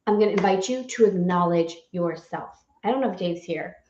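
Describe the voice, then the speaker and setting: A woman's voice: lowish voice, normal speed, a little mellow, reverberant, highs cut off, a little hiss or hum. A woman guiding a live spiritual lesson, playful and effusive, laughing often as she leads affirmations and breathing. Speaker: spiritual course guide. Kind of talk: live guided affirmation session.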